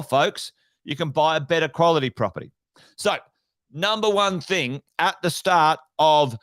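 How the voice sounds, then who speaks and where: Man, middle-aged, property investment host, energetic, repeats phrases, asks rhetorical questions, dry close sound. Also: a little high, no echo. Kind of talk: live-stream coffee chat.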